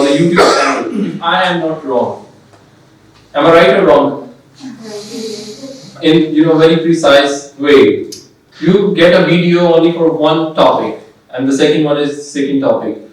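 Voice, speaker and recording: A man's voice: a little high, steady tone, a little slow, slight background noise. A man teaching an English class, quizzing the class and answering his own questions. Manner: asks the class questions and answers them himself. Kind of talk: classroom lecture. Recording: echoey room, voice from far off.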